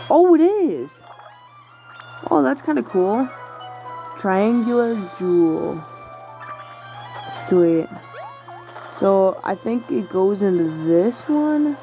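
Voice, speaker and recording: A woman narrates her own gameplay in a casual, rambling way, talking to herself and filling gaps with ums and likes. Her voice is warm and low. Quiet game music plays behind her. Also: creaky, low-quality recording. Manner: thinks aloud, talking to herself with many fillers. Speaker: gamer playing a video game. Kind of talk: casual let's-play commentary.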